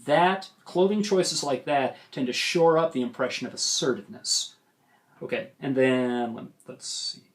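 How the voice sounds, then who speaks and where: Man lecturing on debate delivery. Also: mid-range voice. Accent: western United States. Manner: measured, emphatic teaching tone. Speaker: forensics coach.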